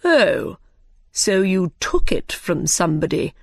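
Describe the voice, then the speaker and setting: A bossy storybook king who hands out threats, as a woman puts him on. He speaks slowly and firmly in a dry, close recording, with no room sound around him. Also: on the low side, very animated, no room sound, exaggerated voice. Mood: commanding.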